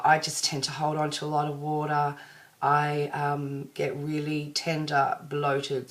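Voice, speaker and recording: An Australian woman chatting to her viewers in a casual vlog, rambling and self-deprecating. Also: deep voice. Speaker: vlogger.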